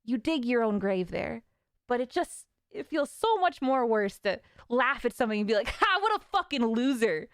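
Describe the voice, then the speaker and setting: A young woman streamer ranting casually, frustrated and swearing with nervous laughs, her voice a little raspy from talking. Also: on the high side, expressive, moderate pace, no room sound, studio quality.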